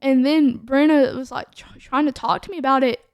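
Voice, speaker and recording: A young-sounding woman talks through her testimony on a podcast, her voice sitting high. She rambles casually, leaning on "like" and restarting her sentences, and the sound is dry and close with no room echo. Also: fairly even intonation, normal speed, vocal fry, highs cut off. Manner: chatty, full of "like" fillers.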